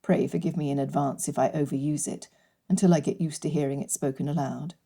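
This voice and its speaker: A woman voicing a reserved, injured young gentleman in an audiobook, speaking in a formal, earnest way with her voice pitched a little lower. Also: steady tone, brisk, vocal fry. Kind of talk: audiobook character reading.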